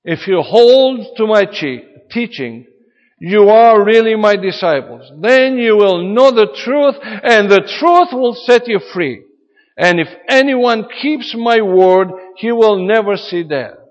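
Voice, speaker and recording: Guy preaching, earnest and emphatic, high voice, long echo in a big hall. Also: expressive, slow. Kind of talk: sermon. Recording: dull reverberant hall sound.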